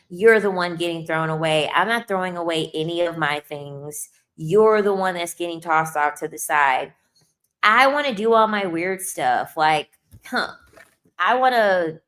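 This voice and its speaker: A woman's voice: on the low side, a bit bright. Blunt, emphatic young woman vlogging. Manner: emphatic and blunt, repeats herself for emphasis, sassy asides. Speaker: video creator. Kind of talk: casual talking-head monologue.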